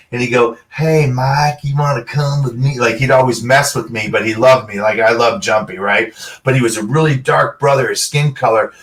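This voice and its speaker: A middle-aged man, a guest in a casual interview, telling animated stories and acting out short bits of dialogue. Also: medium pitch, distant mic, poor audio. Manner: animated storyteller, quotes people in short dialogue. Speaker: guest, former pro football player.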